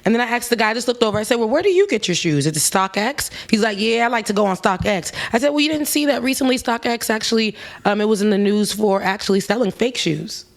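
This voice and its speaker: A woman co-hosting a casual chat, telling a lively story and mimicking the people in it. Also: fast talker, vocal fry, hardly any pauses. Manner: animated, mimics people with raised pitch. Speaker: co-host.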